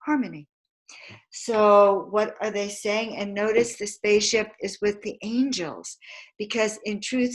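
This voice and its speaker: A low-quality recording captures a woman's mid-range voice. She is a spiritual teacher and card reader giving a motivational talk live, speaking emphatically as she chants affirmations and calls out questions that her listeners answer.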